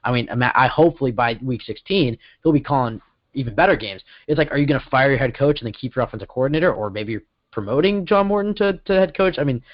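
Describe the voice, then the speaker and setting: A man's voice: medium pitch, animated, dry recording. A man co-hosting a casual sports podcast, rambling and correcting himself as he talks. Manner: rambling, self-correcting, quick bursts. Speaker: podcast co-host. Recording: dull lo-fi sound.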